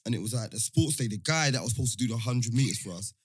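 A young man, animated and full of slang, telling a story in casual chat. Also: mid-range voice, quick pace, husky, dry recording, studio quality.

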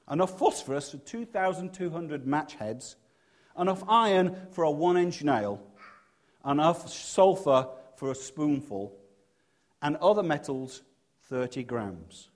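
A middle-aged man preaching a sermon, earnest and halting, with many restarts, dropping to a hush for personal stories. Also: a little high.

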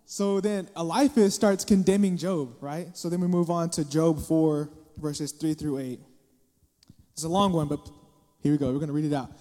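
A young man preaching a casual sermon into a microphone, dropping into acted-out quotes and sudden loud bursts for emphasis. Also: a little high, moderate pace. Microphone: microphone in a hall. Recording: long hall reverb.

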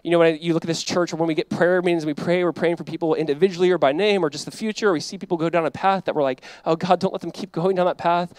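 A man in his thirties preaching a sermon as pastor, animated and emphatic, acting out quoted voices. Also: a little high, no room sound.

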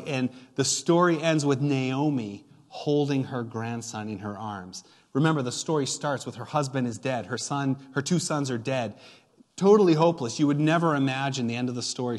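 A man preaching a sermon as pastor, retelling a story with playful asides and emphatic build-ups. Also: medium pitch. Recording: long hall reverb.

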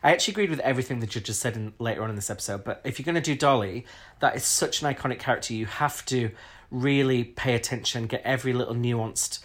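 A man's voice: medium pitch, quick pace, a bit bright. A man from Britain co-hosting a podcast, giving frank, opinionated takes in casual chat. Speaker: podcast co-host. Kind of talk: casual chat reviewing a TV episode.

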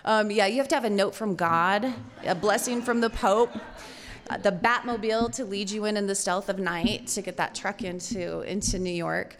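A woman tells a story live on stage, animated and playful, often breaking into laughter. Her voice sits in a middle register and rings with long reverb in a hall. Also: medium pitch, moderate pace.

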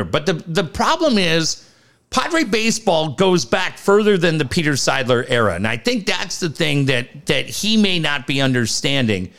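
A man in casual sports banter with a lively, swooping voice that jumps high when he gets worked up. He laughs at his own jokes and talks with easy, animated energy. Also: creaky. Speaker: podcast co-host.

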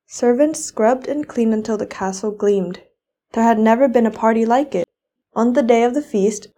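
A teenage girl reads a fairy tale aloud in an expressive storybook style. Her voice is mellow and warm, sitting at a middle pitch. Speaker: student reader. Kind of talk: storybook reading.

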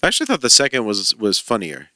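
A podcast producer chimes in from the side of the conversation with dry, offhand remarks. His voice is bright and moves lively through its pitch range. It sounds close and dry, with no room echo. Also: fast. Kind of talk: casual podcast chat.

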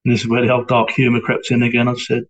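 In a low-quality recording, a former police sergeant, now middle-aged, recounts his experiences in an interview. He talks in a monotone at a normal male pitch, hesitant and halting, frequently stopping and starting over.

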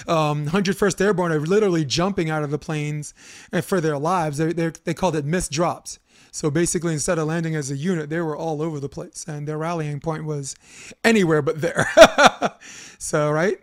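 A man hosting a podcast, telling rambling, animated stories in casual chat and swearing freely as he goes. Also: fairly high pitch, normal speed, no echo, clean studio sound. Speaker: podcast host.

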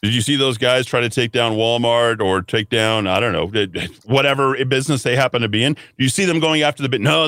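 A man's voice: on the high side, pushed and bright, no echo. A man hosting a talk radio show, ranting bluntly and combatively in a monologue from a radio studio. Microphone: studio microphone.

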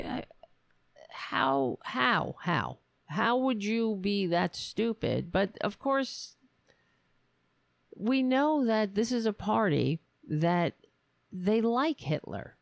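A woman's voice: medium pitch, very animated, slow pace, creaky, no echo, clean studio sound. A woman hosting a political commentary show, talking in a sarcastic, profane and exasperated way. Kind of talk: casual political rant.

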